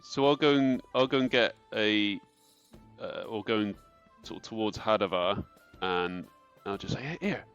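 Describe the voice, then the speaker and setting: A man's voice: on the low side, moderate pace, fairly bright tone, clean tone. A man playing a tabletop game, talking casually and a bit hesitantly. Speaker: player. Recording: dull lo-fi mic. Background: faint music.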